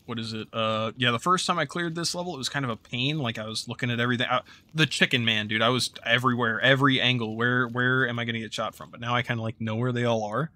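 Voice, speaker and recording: A man's voice: medium pitch, fast talker, few pauses. A man giving casual, rambling commentary over a game he is playing, with plenty of fillers. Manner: relaxed rambling with frequent fillers. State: hiccups. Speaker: gaming YouTuber.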